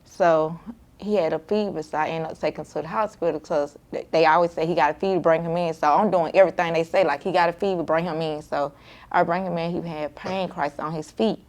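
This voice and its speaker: A woman's voice: sits low, fairly even intonation, fairly quick, darkish tone. A mother, telling candidly and emotionally how she cares for her son with sickle cell. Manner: emotional, informal, frequent "like" and quoted self-talk. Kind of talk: candid personal storytelling.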